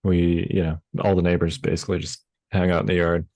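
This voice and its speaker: A man's voice: low voice, flat delivery, brisk, dark tone, no room sound. A man co-hosting a podcast in casual chat, easygoing and steering the conversation. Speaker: podcast co-host.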